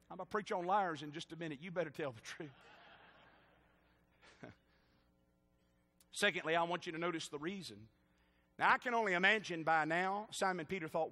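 A man's voice: on the high side, pushed and bright, long reverb tail. A middle-aged man with a Southern US accent, a pastor preaching a sermon with rising, stirred-up emphasis and jokes for the congregation. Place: church sanctuary.

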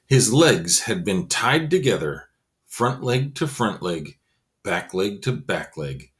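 A man's voice: lowish voice, very animated, slow, fairly bright tone. A man reading a children's novel aloud expressively, adding casual asides. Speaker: reader.

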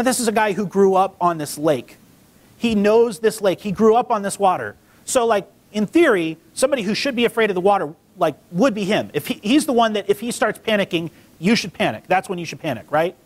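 A man pastor giving a casual, conversational sermon in a church, reading scripture and acting out the quotes. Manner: conversational, acts out quotes with lively pitch. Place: church sanctuary.

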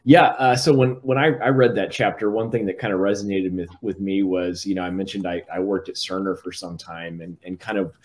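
A man's voice: low-pitched, fairly even intonation, brisk, hardly any pauses. A middle-aged man talking through a book discussion in a casual, hesitant way, with many restarts and fillers. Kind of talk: casual conversation.

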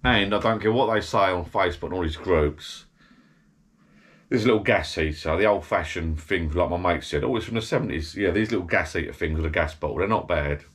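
Deep-voiced and a little fast, with a fairly bright tone, a middle-aged man rambles to the camera in a casual chat from his small garden shed bar. He's slightly tipsy, chatty, and keeps interrupting himself, as vloggers like him often do.

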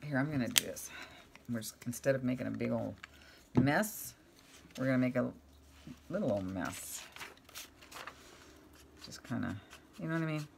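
A woman's voice: very deep voice, lively intonation, normal speed, creaky, long pauses, noisy background. A middle-aged woman chatting casually as she makes crafts at home, rambling and talking to her cat now and then. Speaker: craft vlogger.

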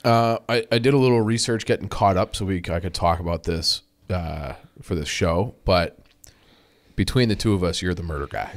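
A young man co-hosting a podcast, chatting in an easygoing way with lots of "like" and quick agreements. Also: low-pitched. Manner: easygoing, conversational, frequent "like" and backchannels. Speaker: podcast co-host. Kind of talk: casual podcast chat.

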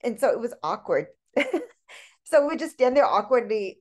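A woman's voice: on the high side, big pitch swings, normal speed, a little mellow. A woman in her forties sharing a heartfelt personal story in a casual book club discussion. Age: 40s.

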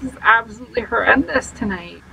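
A woman's voice: a little high, animated, fast, gravelly, pushed and bright, a little hiss or hum, poor audio. A woman streaming a game live and chatting to her viewers, self-mocking and full of exclamations. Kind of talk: live gameplay commentary.

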